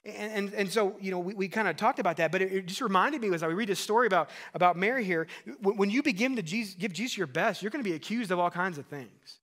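A man's voice: high voice, fast talker, hardly any pauses, a bit bright. A man in his thirties, a pastor preaching a sermon in an earnest, conversational way, asking the congregation questions and adding asides.

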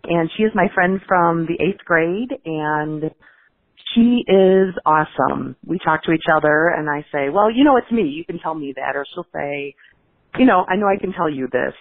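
Low-voiced woman caller on a tinny phone line. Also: lively intonation, normal speed. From Chicago, USA. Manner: warm, gushing praise of a friend. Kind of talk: call-in message.

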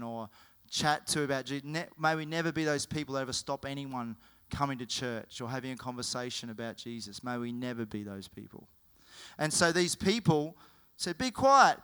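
A man preaching a sermon, telling the story in an animated way and often correcting himself mid-sentence. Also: mid-range voice, clean tone. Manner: animated, with frequent self-corrections.

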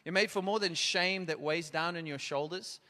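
A man preaching in a church hall, his voice bright and a little high. He presses hard, then drops low and hushed. A long reverb trails each phrase. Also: moderate pace. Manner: urgent, rising and falling from emphatic to hushed. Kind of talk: sermon with altar call.

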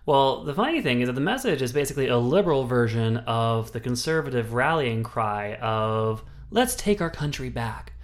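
A man co-hosting a casual film-review podcast, talking in an animated, profane way and slipping into mocking mimicry. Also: medium pitch, normal speed, hardly any pauses. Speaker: podcast co-host.

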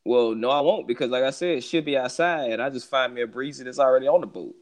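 A man's voice: mid-range voice, quick pace. A man co-hosting a podcast in slangy casual banter, joking and laughing a lot. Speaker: podcast co-host.

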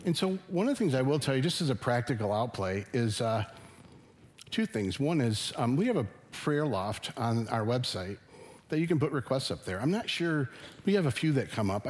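An earnest middle-aged pastor delivers a sermon in a church sanctuary, his mid-range voice a little mellow. His preaching is conversational, building with rising emphasis.

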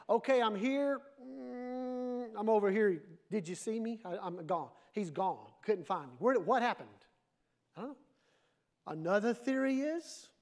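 High-voiced preacher guy, animated, joking with the church as he preaches. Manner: animated preaching with playful asides. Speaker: pastor. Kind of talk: sermon.

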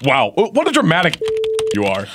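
A man's voice: a little high, big pitch swings, fairly quick, noisy background. A man reading the part of a blunt, profane woman scolding someone online.

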